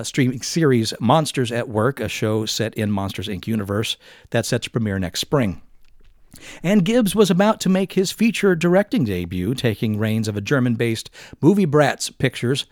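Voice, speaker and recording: A man's voice: mid-range voice, expressive, moderate pace, darkish tone, no echo. A man in the middle of his range hosts a casual podcast, moving between loose banter and reading out news items. He talks animatedly and often restarts his phrases. The recording is dry and close, with no room sound. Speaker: podcast host. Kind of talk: casual chat and news read-out.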